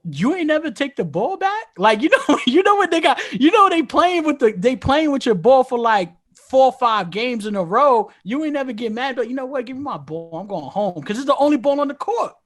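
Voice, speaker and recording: A man's voice: very high-pitched, big pitch swings, fairly quick, hardly any pauses, fairly bright tone. A man interviewing a guest in laid-back slang and laughing along. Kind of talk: casual chat.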